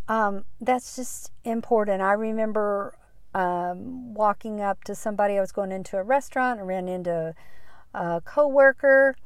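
A middle-aged woman hosting a podcast, speaking gently and earnestly with soft, breathy trail-offs. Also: mid-range voice, no echo. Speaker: podcast host. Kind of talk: encouraging podcast talk with prayer.

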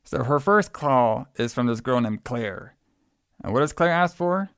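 Brief: male podcast host, gravelly yet smooth voice, dry booth sound, easygoing recap. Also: medium pitch, lively intonation, measured pace, a bit bright, dry recording. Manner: laid-back, rambling, laughs often. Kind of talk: casual chat.

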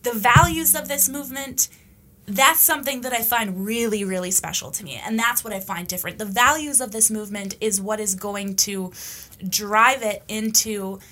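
A woman's voice: mid-range voice, moderate pace, bright, forceful tone. A woman hosting a podcast, talking in a casual, opinionated monologue, emphatic and blunt, with the odd swear word. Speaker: podcast host.

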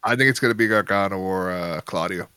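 A man with a lowish, bright and smooth voice co-hosting a casual wrestling podcast. He gives opinionated, earnest takes. The recording is dry and close. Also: quick pace, no room sound. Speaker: podcast co-host.

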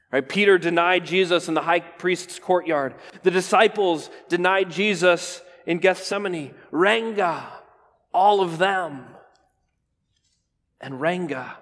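Man preaching in a reverberant church. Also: fairly high pitch. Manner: dramatic pauses, drops to near whisper on key words; preaching with restarts and rhetorical "right?". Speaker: pastor. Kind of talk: sermon. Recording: long hall reverb.

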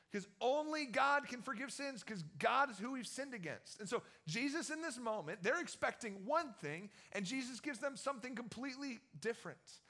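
Young man, youth pastor; high, bright tone; casual, chatty sermon delivery. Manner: chatty, storytelling, many fillers. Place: church.

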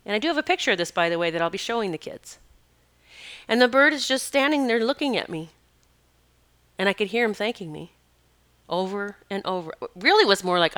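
A woman's voice: medium pitch, expressive, a little fast, pauses often, a bit bright. A woman who works as an animal communicator and healer, telling a personal story in a rambling, conversational way with many asides.

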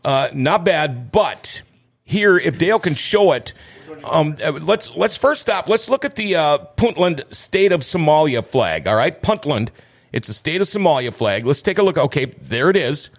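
A man's voice: fairly high pitch, sing-song, normal speed. A man hosting a talk show in a small studio, chatting through the news with opinions and plenty of filler words. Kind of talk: casual news commentary.

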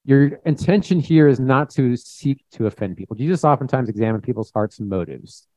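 A man's voice: mid-range voice, lively intonation, brisk, warm tone, no room sound. Man preaching a casual sermon, muffled sound. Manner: conversational, plain-spoken, with acted-out quotes. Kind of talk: informal sermon with scripture reading. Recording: dull, muffled recording.

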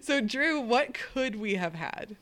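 A woman hosting a podcast in casual chat, animated and swearing casually. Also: on the high side, slow. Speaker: podcast host.

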